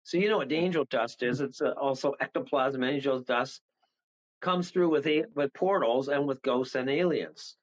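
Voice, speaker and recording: A man guest on a radio show, telling rambling, animated stories and laughing partway through them. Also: medium pitch, normal speed, poor audio. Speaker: paranormal guest. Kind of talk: casual storytelling on a radio show.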